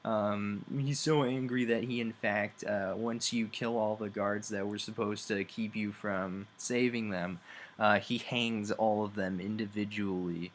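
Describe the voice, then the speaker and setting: Young male game reviewer, low-ish voice, slow and rambling with filler words. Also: fairly even intonation, slight background noise. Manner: rambling, many fillers, chuckles often. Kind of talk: casual video game review.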